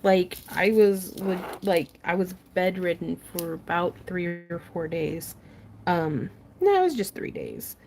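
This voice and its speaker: A woman's voice: on the low side, expressive, a little slow, gravelly, darkish tone, a little hiss or hum. Chatty crafting woman hosting a livestream. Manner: chatty, laughs often, reads viewer comments aloud. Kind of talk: casual craft tutorial livestream chat.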